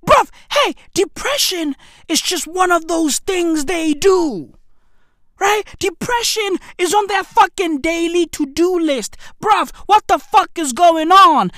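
A woman doing a profane comedic rant, swearing constantly, firing off rhetorical questions and swinging from shouts down to hushed whispers. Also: high-pitched, no room sound, clean studio sound. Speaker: comedic ranter.

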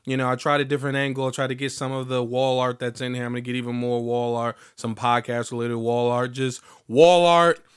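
A man's voice: mid-range voice, clear, resonant tone. A young man hosting his own podcast, chatting profanely and animatedly, with a voice still slightly off after being sick. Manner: profane, animated, breaks into sung bits. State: recovering from illness, voice slightly off. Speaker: podcast host. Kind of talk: casual solo podcast monologue.

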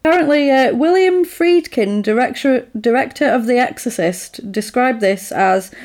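A woman's voice: a little high, moderate pace, darkish tone. A woman in casual chat, rambling through a film plot with lots of "like" and "sort of".

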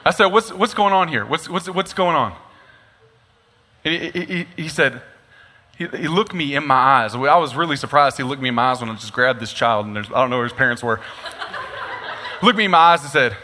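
Animated young pastor telling a funny story. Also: male voice, fairly high pitch, unhurried, pauses often, slight background noise. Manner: animated storytelling with comic asides. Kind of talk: sermon. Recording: long reverb of a large hall.

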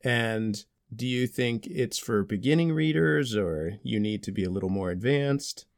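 A man co-hosting a casual podcast with his child, relaxed and joking, quick to laugh. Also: medium pitch, vocal fry, dry recording, studio quality. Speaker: podcast co-host, father.

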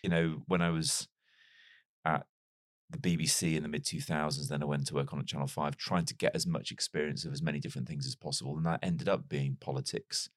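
A man with a very deep voice and a light Liverpool accent tells stories in a relaxed interview. He talks in a chatty, self-deprecating way with quick asides. The recording is dry and close, with no room sound. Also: dry recording. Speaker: broadcaster and interview guest. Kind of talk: casual conversational storytelling.

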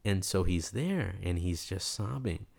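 A young man from New York, a guest in an interview, telling a story in an animated way and acting out the people he quotes. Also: low voice, unhurried, gravelly. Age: young adult.

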